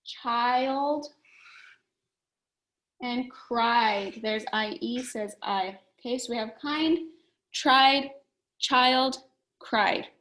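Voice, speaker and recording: A woman leads a phonics lesson for young children, sounding out every letter with care. She speaks at a slow, deliberate pace in a fairly high voice, and she speaks clearly to the class. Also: fairly bright tone, low-quality recording. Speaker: teacher.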